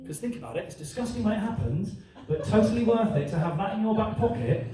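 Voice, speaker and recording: Animated comic in an echoey club. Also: male voice, sits high, moderate pace, distant mic. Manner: animated storytelling, checks in with the crowd. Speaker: stand-up comedian. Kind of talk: stand-up comedy set. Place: comedy club stage. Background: audience laughter.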